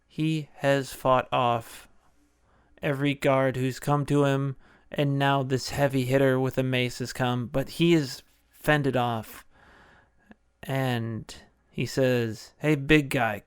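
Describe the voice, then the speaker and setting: Slow, gravelly man recapping a film. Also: mid-range voice, dry recording, studio quality. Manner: playful, jokey. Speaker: podcast host. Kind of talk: casual film recap podcast.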